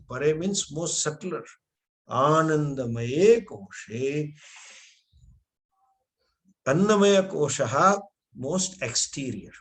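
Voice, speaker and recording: Slow-spoken man. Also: medium pitch. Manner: slow, explanatory, with Sanskrit terms and frequent restarts. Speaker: spiritual teacher. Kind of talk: scripture lecture.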